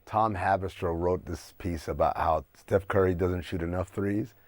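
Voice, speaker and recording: A man's voice: low-pitched, fairly even intonation, moderate pace, no room sound. A man co-hosting a sports podcast, joking and putting on a laid-back surfer-dude voice. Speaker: podcast co-host. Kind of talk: casual sports banter. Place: Los Angeles studio, video recording.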